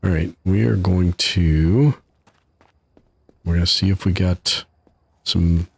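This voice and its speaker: A man's voice: low voice, slow, gravelly, no room sound. A man casually commenting while he streams a game live, chatty and laughing at his own troubles from his home setup. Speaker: gaming streamer.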